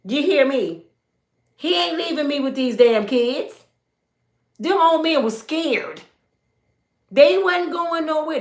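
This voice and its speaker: A middle-aged woman, hosting an animated commentary and talking emphatically as she acts out the people in her stories. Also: high voice, takes it slowly, pauses often. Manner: emphatic, preachy, acts out quoted voices. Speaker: commentary channel host. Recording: echoey room.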